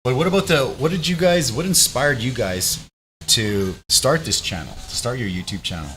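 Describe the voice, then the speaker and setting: A man's voice: mid-range voice, normal speed, slight background noise. A man hosting a casual chat, a Canadian telling stories and acting out quotes. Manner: animated storyteller, acts out quotes. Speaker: host.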